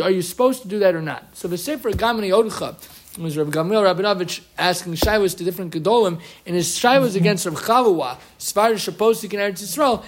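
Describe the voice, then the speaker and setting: A man teaches a Torah class in a fairly high voice. He is animated and quotes Hebrew sources with emphatic rises, talking to a room of listeners. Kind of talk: lively Torah lecture. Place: room with an audience.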